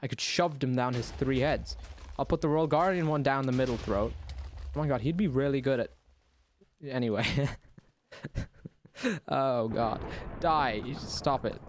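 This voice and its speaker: A young man giving excited, profanity-laced commentary while he plays a video game and taunts the enemy out loud. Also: medium pitch, unhurried, long pauses. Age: young adult. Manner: excitable, swears, talks to the enemy. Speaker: gaming YouTuber. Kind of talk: live gameplay commentary. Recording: noisy game sound under voice.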